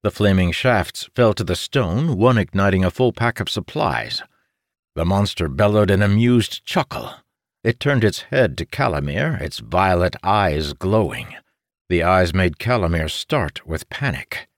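Low-voiced man narrating a fantasy audiobook. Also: animated, measured pace, no echo, studio quality.

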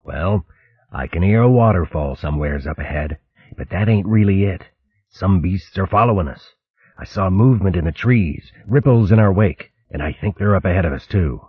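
A man voicing a wary male otter scout who speaks low and urgently with rustic grammar. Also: moderate pace, husky, no room sound, narrow, tinny audio.

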